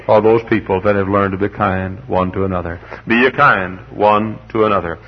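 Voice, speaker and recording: A man's voice: on the low side, fairly even intonation, moderate pace, hardly any pauses, slightly rough, dull audio. A man preaching a sermon as pastor, rambling and humorous, repeating words as he tells stories and then rising to emphatic preaching. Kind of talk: sermon with folksy storytelling.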